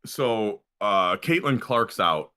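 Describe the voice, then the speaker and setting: A man's voice: fairly low pitch, expressive, slow, pushed and bright, smooth. A young man co-hosting a podcast, rambling casually about sports with lots of restarts. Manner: rambling, profane, full of restarts. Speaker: podcast co-host.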